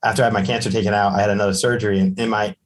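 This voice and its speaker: Animated man telling a personal story. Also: on the low side, rapid-fire. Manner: animated, acts out the voices in his stories. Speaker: podcast guest, psychic medium.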